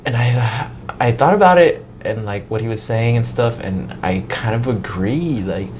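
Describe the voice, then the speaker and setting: An animated man talks in a loose, casual podcast chat and swears freely as he tells a story. His voice is mid-pitched. A faint hiss of ambience sits under it. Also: normal speed, highs cut off.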